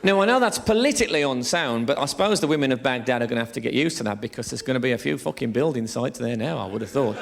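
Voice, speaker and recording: A man's voice: medium pitch, fast, vocal fry, few pauses, a little hiss or hum. A man, doing a rambling, swearing stand-up set in a theatre. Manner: lively, rambling, swearing storyteller. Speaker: stand-up comedian. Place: theatre stage before a laughing audience. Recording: live theatre recording, crowd laughter.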